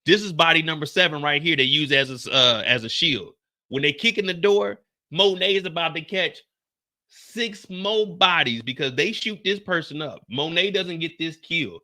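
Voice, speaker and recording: A man hosting an animated recap of a TV episode, telling the action in profane slang and acting out the gunfire with his own sound effects. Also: fairly high pitch, normal speed. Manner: excitable, acts out scenes with gunshot sound effects. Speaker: show recap host.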